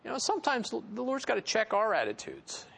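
A male pastor teaching a Bible passage in a relaxed, talky manner, breaking into small chuckles and leaning on fillers as he explains. His voice sits a little higher than most men's. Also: a little fast, creaky, slightly rough. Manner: conversational, chuckling asides, frequent "you know" fillers. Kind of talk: expository sermon.

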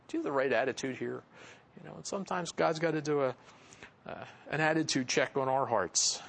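A man's voice: medium pitch, normal speed, gravelly, fairly bright tone. A man preaching a sermon in a casual, conversational way, with chuckling asides and frequent fillers. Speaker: pastor. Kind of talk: expository sermon.

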